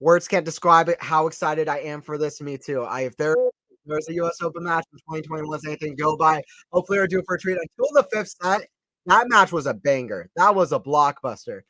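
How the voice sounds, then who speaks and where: A fairly high-pitched man gives casual, live play-by-play of a tennis match on his stream, excited and chatty and speaking a little fast. He repeats phrases, reads out chat, and addresses viewers directly between points. The sound is dry and close with no echo.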